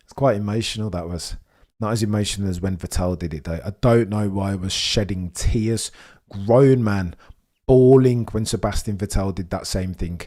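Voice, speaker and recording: This young man's fairly low voice carries a theatrical, wordy watch-along of a race as it happens, veering between complaints and bursts of excitement. He talks at a normal speed.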